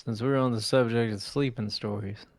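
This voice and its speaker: This young podcast co-host speaks in a mid-range voice at a moderate pace, animatedly telling funny stories in a casual storytelling chat. He acts out quotes and swears freely. The audio is clean studio sound with no room sound.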